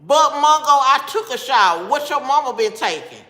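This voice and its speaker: A woman's voice: high voice, animated, moderate pace, pushed and bright. A woman hosting a casual live stream, talking straight to her viewers and bluntly scolding the commenters. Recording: echoey room with long reverb.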